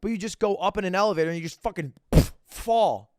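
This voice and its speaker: A young man streaming from home, telling a story to his chat in a casual, animated way, jumping into high voices when he quotes people. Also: fast talker, no echo, studio quality.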